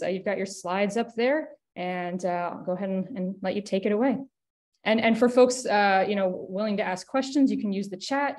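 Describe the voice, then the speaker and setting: A woman's voice: medium pitch, darkish tone. A woman hosting an online seminar, introducing the speaker in a casual, filler-heavy way over a video call. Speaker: seminar host. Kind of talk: webinar introduction.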